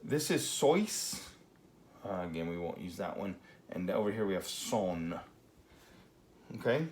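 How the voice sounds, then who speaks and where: A low-pitched man gives a grammar lesson at a whiteboard. He talks in a relaxed way, with many fillers and check-ins, over a faint background noise. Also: measured pace. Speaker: Spanish teacher.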